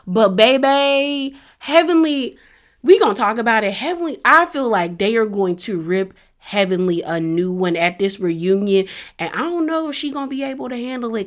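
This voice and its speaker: A woman's voice: mid-range voice, vocal fry, fairly bright tone. A woman hosting a casual review of a reality show episode, chatty and laughing often as she acts out what the cast said. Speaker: reality TV recap host.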